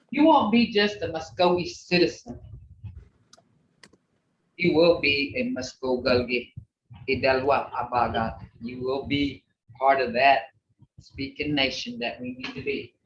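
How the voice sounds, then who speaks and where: A patient teacher speaking slowly and brightly, drilling vocabulary with a class over a video call. The voice sits back from the mic, with a roomy echo and dull, lo-fi sound, and the delivery stays encouraging and full of "okay" and "you know". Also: medium pitch, a little hiss or hum. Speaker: language teacher. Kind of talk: online language class. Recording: echoey lo-fi video call audio from far off the mic.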